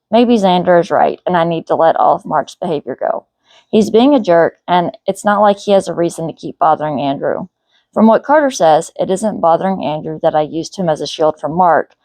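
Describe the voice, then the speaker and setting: A woman author reads her novel aloud in a steady, even first-person narration. Her voice sits low, and the recording is dry and close with no room sound. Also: dry recording.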